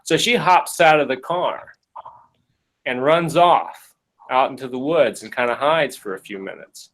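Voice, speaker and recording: This podcast host speaks unhurriedly in a medium-pitched voice, telling the story of a case in a casual, jokey, animated way and performing the quotes. The recording is rough.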